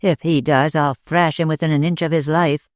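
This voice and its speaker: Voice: mid-range voice, fairly even intonation, normal speed, no echo, studio quality, close to an everyday voice. A narrator reading a weary, troubled young man. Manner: weary and anguished. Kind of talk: audiobook character reading.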